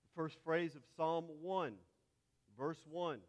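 Slow and steady in tone, this fairly high-voiced Texan teaches Bible class, breaking terms down letter by letter. His words echo with the long reverb of a large hall.

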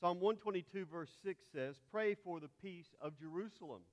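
Man, Texas accent, classroom Bible lecture, spells words out, slightly high voice, reverberant hall. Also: normal speed, highs cut off. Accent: Texan. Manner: spells out terms letter by letter. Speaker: Bible teacher.

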